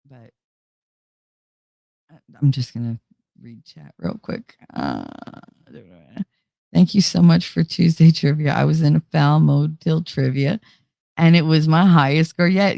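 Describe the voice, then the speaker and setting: A woman's voice: sits low, expressive, measured pace, gravelly, pauses often, mellow, no echo, studio quality. A woman hosting a casual livestream chat, talking candidly and confidingly, swearing freely and laughing often. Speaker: livestream host.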